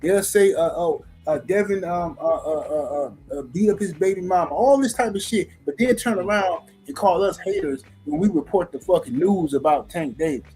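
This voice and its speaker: A man's voice: sits high, moderate pace, a little mellow, faint music behind, poor audio. A man co-hosting a podcast, talking in loose, profane banter full of fillers. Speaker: podcast co-host.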